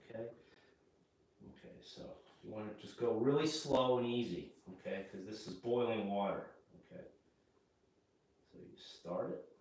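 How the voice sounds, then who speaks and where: A man gives a slow, step-by-step English lesson, repeating key words and checking in with "okay?". His voice is recorded from across an echoey kitchen, so it sounds distant and roomy. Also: fairly low pitch, a little hiss or hum. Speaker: English teacher. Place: home kitchen. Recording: echoey room, mic far off.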